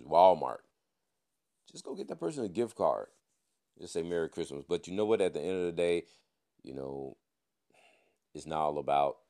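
Super deep voiced guy doing a chill news and sports rundown, says man a lot. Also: vocal fry, darkish tone. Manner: laid-back, peppers talk with "man"; playful wordplay on scores. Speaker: podcast host. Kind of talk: casual news and sports recap.

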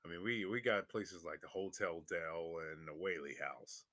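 A young man casually telling a story to his viewers, animated and swearing freely, his voice jumping up when he gets excited. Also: low voice, normal speed, dry recording, clean studio sound. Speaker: vlogger.

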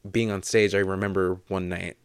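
A young man in his twenties co-hosting a podcast, chatting casually with a relaxed manner. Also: low voice, normal speed, clear, resonant tone, no echo. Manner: relaxed, many "um" and "like" fillers. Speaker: podcast co-host.

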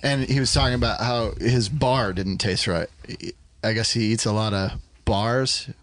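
A man's voice: fairly low pitch, steady tone, unhurried, fairly bright tone, no echo. A man, a guest actor on a podcast, chatting casually and telling rambling anecdotes. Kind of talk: casual chat.

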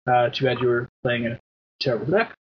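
A man in his thirties hosting a podcast in casual chat, rambling through shout-outs with many fillers and the odd swear word. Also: medium pitch, fairly quick, background noise. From Canada. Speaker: podcast host. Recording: dull lo-fi podcast audio.

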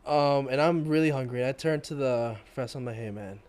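A man's voice: mid-range voice, fairly quick, a little mellow, clear, resonant tone. A young man casually telling a story about himself, laughing at his own awkwardness. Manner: laughing, self-mocking storytelling. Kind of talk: casual chat.

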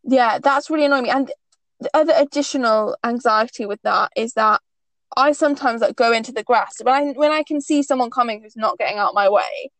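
A young woman from the Northeast of England co-hosts a podcast, telling stories in casual chat with lots of "like"s. Her voice is fairly high, a little fast and fairly bright, with no room sound but poor audio.

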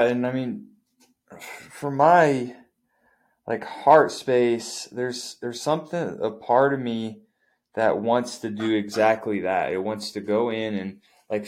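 Male co-host, casual spiritual chat, mid pitch, searching delivery full of fillers. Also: darkish tone. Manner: searching, loose, many "like" fillers. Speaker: podcast co-host.

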